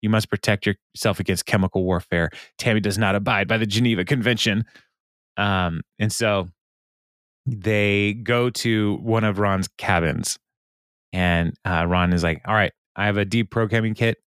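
A lower-voiced man chats through a recap, laughing a lot and dropping into quick quoted lines. The sound is dry and close, with no room around it. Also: steady tone, a bit bright, clear, resonant tone, dry recording. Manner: laughs often, quotes characters in quick bits. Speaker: podcast host recapping an episode. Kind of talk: casual recap chat.

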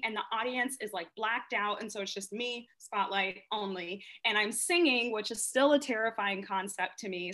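A stage actress guesting on a podcast tells stories in casual conversation, animated and laughing often. She says "like" a lot, and her voice is a little high.

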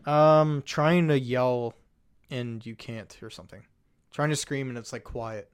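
Deadpan joking podcast man. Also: mid-range voice, measured pace, clear, resonant tone. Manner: deadpan crude jokes. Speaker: podcast co-host. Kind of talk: casual podcast chat.

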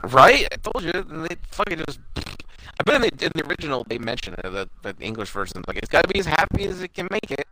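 A young man chatting with a friend, swinging his voice up and down as he retells the story and mimics its characters. His tone is bright and forward. A faint hiss sits under the recording. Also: on the high side, quick pace, rough recording. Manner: animated, profane, acts out characters' lines. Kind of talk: casual chat recapping a cartoon episode.

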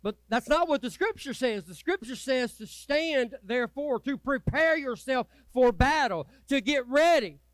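A man preaching a sermon as pastor, folksy and swinging from loud urging to low, quiet asides. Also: animated, a little slow, hardly any pauses, no room sound. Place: church sanctuary.

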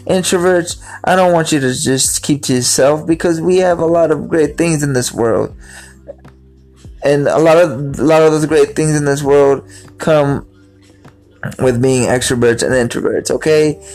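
With faint music behind him, a man talks casually about his own life, rambling, repeating words, and acting out greetings he quotes. His voice is on the high side, a little mellow, and unhurried.

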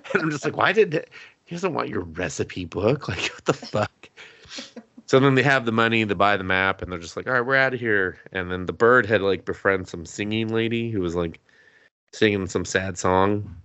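A man's voice: fairly low pitch, normal speed, bright, forceful tone, no echo. A man co-hosting a podcast, casually recapping an anime episode, acting out the characters' lines, laughing and swearing as he goes. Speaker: podcast co-host.

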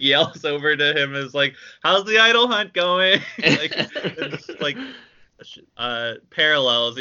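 A man's voice: mid-range voice, pushed and bright, clear, resonant tone, dull audio. A man co-hosting a podcast in casual chat, rambling with many fillers and laughing as he talks. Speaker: podcast co-host.

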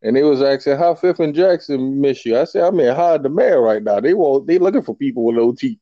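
A man's voice: medium pitch, expressive, a little fast, no room sound, muffled recording. A man hosting a podcast, trading crude jokes and laughing often, currently missing his front teeth. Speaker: podcast host. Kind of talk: casual chat.

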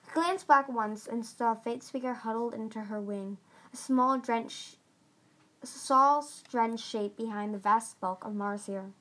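A woman's voice: a little high, a little slow, a bit bright. A woman reading a novel chapter aloud, earnest, with occasional stumbles and restarts. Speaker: audiobook reader.

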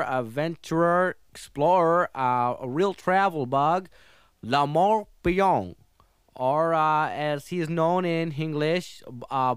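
A fussy French talk-show host, played by a man in an old comedy record sketch. He speaks very slowly in a smooth, slightly high voice with a French accent, and he hesitates with "uh" and tangles his English. The sound is dry and close. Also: a bit bright, dry recording. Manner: hesitant, lots of "uh", mangled English phrasing.

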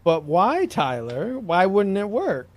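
Lively teasing podcast man. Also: high-pitched, takes it slowly, dry recording. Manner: teasing, playful ribbing. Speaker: podcast co-host. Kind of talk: casual banter.

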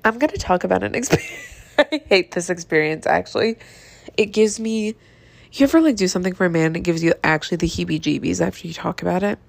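A young woman hosting a podcast, telling a story in a casual, chatty monologue with swearing, sighs and laughs, exasperated and animated. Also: lowish voice, quick pace, vocal fry, dry recording. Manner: animated, exasperated, drops to mutters. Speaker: podcast host.

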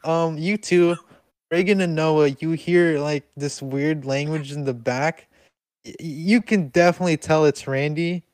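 A young man running a tabletop game for friends, narrating in a halting way with lots of fillers. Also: a little high, darkish tone, no room sound. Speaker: game master.

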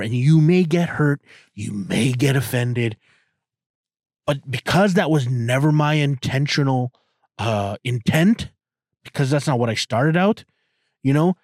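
A man's voice: mid-range voice, a little mellow, no room sound, studio quality. A man in his thirties hosting a podcast, talking in a crude, profane, rambling way with many restarts. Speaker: podcast host. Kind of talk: casual podcast monologue.

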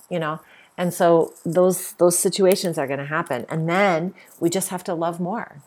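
A woman's voice: on the low side, normal speed, darkish tone. A middle-aged woman hosting a podcast, giving an earnest spiritual monologue and repeating her points for emphasis. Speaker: podcast host.

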